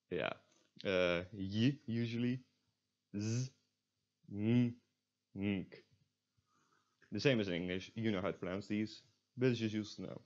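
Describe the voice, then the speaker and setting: A man's voice: lowish voice, lo-fi sound. A young man teaching a recorded language lesson, explaining step by step with frequent fillers.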